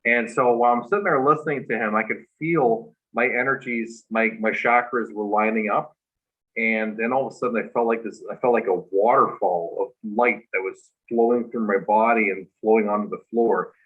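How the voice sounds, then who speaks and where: A man's voice: on the low side, steady tone, moderate pace, narrow, tinny audio. A man guest on a talk show, earnestly telling a personal story in a rambling way, full of "like" and "you know".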